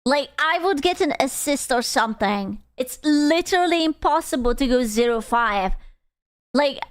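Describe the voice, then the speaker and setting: Woman, streamer, high-pitched, unhurried pace, casual chat with viewers, swears a lot, playful complaining, desktop mic. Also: smooth, no room sound, clean studio sound. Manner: swears freely, reads and answers chat questions; complaining and playfully self-mocking.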